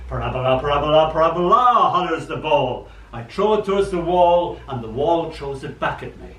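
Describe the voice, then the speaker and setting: An older man reading his poems at an open mic, chatty and animated, acting out the voices in his stories. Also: a little high. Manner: chatty, animated storyteller who acts out quotes. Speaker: poet. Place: old library room. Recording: echoey room, mic far off, faint hum.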